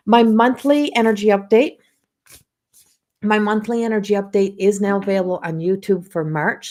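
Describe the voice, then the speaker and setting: This middle-aged psychic medium from Newfoundland, Canada, speaks in a Newfoundland accent while chatting loosely on a livestream that she keeps restarting. Her voice sits on the low side and has a darkish tone.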